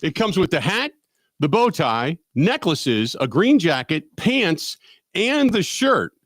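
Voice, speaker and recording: Male radio host, a rambling self-mocking storyteller, bouncy and expressive voice, close dry mic. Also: fairly high pitch, slow, no echo. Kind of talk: casual radio banter. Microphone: studio microphone.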